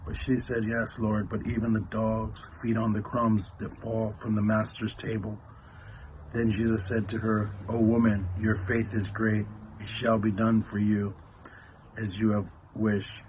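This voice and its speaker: A man's voice: lowish voice, completely flat delivery, unhurried, darkish tone, a little hiss or hum, rough recording. A man, a church elder, gives a casual devotional talk and retells a scripture passage in everyday, conversational speech.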